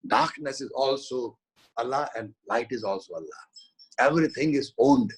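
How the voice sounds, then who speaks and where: An Indian man with a husky voice gives a devotional meditation talk over a video call. He speaks earnestly, in short repeated phrases, at a middle pitch. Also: moderate pace, low-quality recording. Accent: Indian English. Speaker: spiritual teacher. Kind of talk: live webinar talk with guided meditation.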